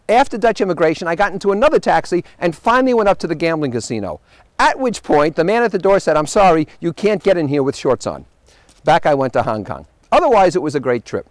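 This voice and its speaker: Male host, high animated voice, wry anecdotal travel monologue, dry close sound. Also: no echo. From United States. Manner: animated storyteller, wry punchlines.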